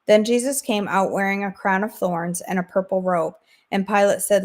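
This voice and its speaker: A woman hosting a daily devotional, reading scripture aloud in a steady, measured way. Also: medium pitch. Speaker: devotional host.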